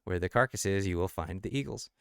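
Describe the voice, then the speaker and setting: A man's voice: deep voice, fast, creaky, fairly bright tone, clear, resonant tone, no room sound, studio quality. A man on a casual late-night livestream, thinking aloud as he explains the lyrics of his own song. He restarts and corrects himself often and laughs easily between thoughts.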